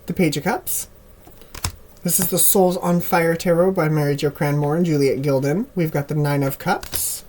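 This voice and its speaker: A man giving a casual tarot reading to camera in a relaxed, rambling way with frequent ums, his voice a little worn, recorded on a camera mic at home with birds heard behind him. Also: on the high side, moderate pace, a little hiss or hum. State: slightly losing voice. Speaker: tarot reader. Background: birds chirping.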